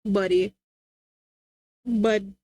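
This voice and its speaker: A woman's voice: mid-range voice, fairly even intonation, extremely slow, warm tone, no room sound, studio quality. A young woman streamer chatting casually, rambling and laughing often.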